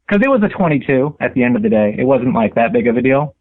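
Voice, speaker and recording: Soft-spoken man on a tinny phone line. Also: mid-range voice, fast talker, hardly any pauses. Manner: mild, soft-spoken, a bit formal. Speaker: caller. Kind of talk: casual phone call storytelling.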